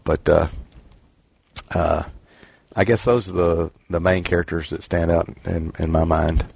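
A man chatting casually in a book discussion, halting and repeating himself, often trailing off with "and stuff.". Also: deep voice, steady tone, vocal fry, a little mellow, breathy edge, no room sound. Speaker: book club member.

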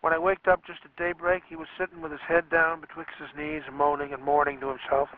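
A man's voice: fairly high pitch, monotone, close to an everyday voice. A man reading as a folksy Southern boy. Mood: plain. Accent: Southern US rural dialect. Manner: measured reading of folksy dialect narration. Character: plainspoken rural boy narrator. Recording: dry, tinny phone-like radio sound.

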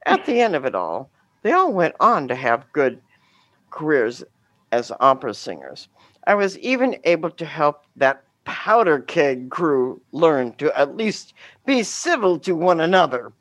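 A middle-aged woman telling a story about her teaching days, with a deliberate, dramatic delivery and wry humor. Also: low-pitched, big pitch swings, no room sound.

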